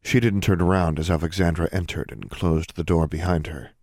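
A man narrating an audiobook chapter in an even, steady storytelling manner. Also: low voice, brisk, dry recording, studio quality. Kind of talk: scripted narration.

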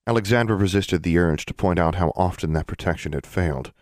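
A man narrating a fantasy novel for a podcast in a steady, even reading style. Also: low voice, fairly quick, no echo, clean studio sound. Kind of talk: scripted narration.

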